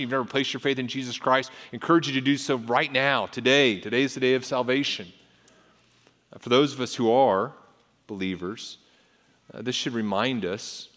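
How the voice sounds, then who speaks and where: Man preaching in a reverberant hall. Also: a bit bright. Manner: earnest, with frequent repetitions and restarts; rises in pitch and force when reading scripture. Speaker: pastor. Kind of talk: sermon.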